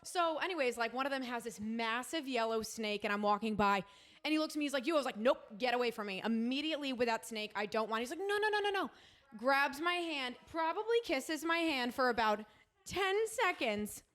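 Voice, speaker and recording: Podcast co-host, woman, high bright voice, expressive and dramatic in casual chat. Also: brisk. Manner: expressive, dramatic, laughs while telling stories.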